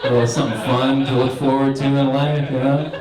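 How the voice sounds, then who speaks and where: A man's voice: medium pitch, little pitch movement, a little fast, roomy sound, a crowd in the background, poor audio. A young man doing a stand-up set in a comedy club, telling stories in a laid-back, rambling way. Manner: laid-back stoner storytelling.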